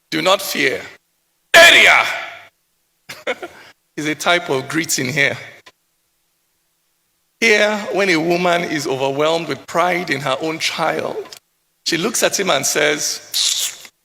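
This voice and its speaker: A high, bright male voice with a Nigerian accent and a gravelly, fry-laden texture delivers a spoken-word poem. He speaks in a rhythmic, declamatory style, stacking repeated phrases. The sound carries a long reverb from a large hall. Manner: rhythmic, declamatory, building repetitions. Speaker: poet. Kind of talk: spoken-word poetry performance.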